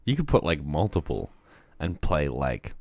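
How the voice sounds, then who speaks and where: Deep-voiced man with wry, offhand humor. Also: big pitch swings, unhurried, darkish tone, no echo. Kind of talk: casual chat.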